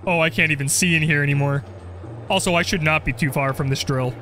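A young man commenting on his game play, joking and getting excited as he goes. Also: fairly high pitch, fast, a little hiss or hum. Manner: jokey, excitable, role-plays as the character. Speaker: gaming video creator.

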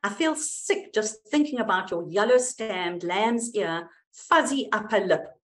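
A distraught mother searching for her lost son, her voice raw with hurt and bitter anger, as a woman acts her out. Her pitch rises and falls in a lively way. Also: measured pace. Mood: furious. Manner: pleading, then raw and furious. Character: distraught mother of a missing boy, raw and angry.

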